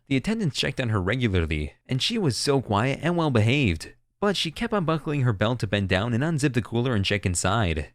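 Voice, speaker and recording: A man's voice: medium pitch, dry recording, studio quality. A man reading stories aloud as a scripted narration. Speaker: story narrator.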